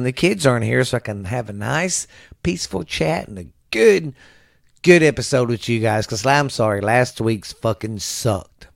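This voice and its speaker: A man's voice: medium pitch, creaky, no echo. Middle-aged man, podcast host, profane stammering rant, dry close sound. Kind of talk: casual rambling monologue. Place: home at night.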